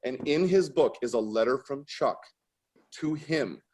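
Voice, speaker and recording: A man telling a story with mounting excitement, his voice jumping up into shouts and laughs. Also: medium pitch, slight background noise. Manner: animated, fast-building, breaks into shouts and laughter. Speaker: artist guest. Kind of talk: excited storytelling on a video call.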